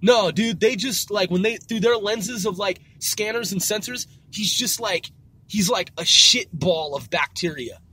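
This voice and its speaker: A man's voice: high-pitched, a little slow, pushed and bright, husky. A man ranting in a rambling casual monologue, profane and full of street slang, circling back and repeating himself. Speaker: vlogger.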